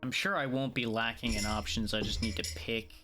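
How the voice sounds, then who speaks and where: A man's voice: medium pitch, fairly even intonation, a little fast, sharp tone, soft background music. Sleepy, laid-back male game streamer. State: tired, yawning. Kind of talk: casual gameplay commentary.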